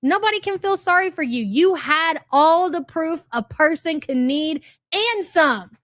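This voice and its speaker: A woman's voice: extremely high pitch, expressive, a little slow, fairly bright tone, no room sound, studio quality. A woman giving exasperated, sarcastic reaction commentary and reading chat aloud. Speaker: commentary YouTuber.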